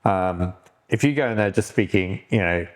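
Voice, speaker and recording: A middle-aged man with a British accent and a lowish voice co-hosts a relaxed podcast. He rambles a little, filling pauses with ums and restarting his sentences. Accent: British English. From Britain. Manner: rambling, many fillers and restarts. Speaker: podcast co-host. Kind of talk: casual chat.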